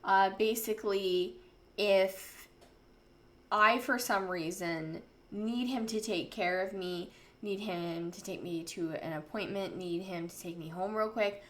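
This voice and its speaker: A woman's voice: medium pitch, measured pace. A woman ranting angrily on her vlog, swearing often as she vents. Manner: angry, profane, venting. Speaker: vlogger. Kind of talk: casual vlog rant.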